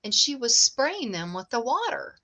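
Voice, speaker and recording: A woman's voice: on the high side, big pitch swings, bright, forceful tone. A middle-aged woman, a guest, telling stories in a chatty, joking way. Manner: chatty storyteller, quick to joke. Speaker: guest, ghost tour owner. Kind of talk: casual chat.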